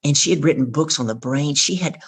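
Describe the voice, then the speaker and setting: A middle-aged woman, a guest on an interview show, telling a story in a gravelly, husky voice and acting out the dialogue. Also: low voice, brisk, a little hiss or hum. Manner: vivid storyteller who acts out dialogue. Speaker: guest, professional speaker.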